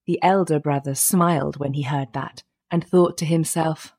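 A woman narrating an old fairy tale in a measured storytelling manner. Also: sits low, fairly even intonation, darkish tone, slightly rough.

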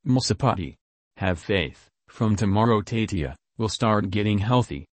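A man voicing a serene elderly male saint who speaks calmly and gently in a storytelling reading. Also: lowish voice, dry recording. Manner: calm, gentle, unhurried speech.

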